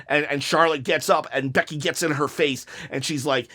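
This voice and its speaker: A man talking casually and animatedly as a wrestling YouTuber, pitching match ideas with frequent restarts and laughs. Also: fairly even intonation, normal speed, sharp tone. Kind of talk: casual fantasy-booking commentary.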